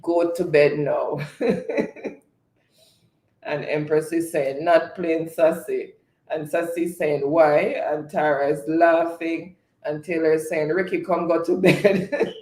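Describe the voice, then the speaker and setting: A man hosts a live stream, relaxedly reading viewers' chat comments aloud and laughing often. His voice is a little high and slow-paced, and the room sounds echoey.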